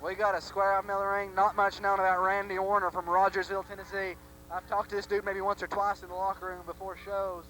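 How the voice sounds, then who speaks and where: A man calling a local wrestling match play-by-play with excited, hype-driven energy. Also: high-pitched, fast talker, a little hiss or hum, rough recording. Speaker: play-by-play commentator. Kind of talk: wrestling commentary. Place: armory arena.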